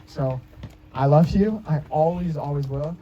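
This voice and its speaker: A young man in his twenties gives an emotional wedding speech as the groom, rambling through stories with many restarts and fillers. His voice is fairly high and unhurried. The sound is lo-fi.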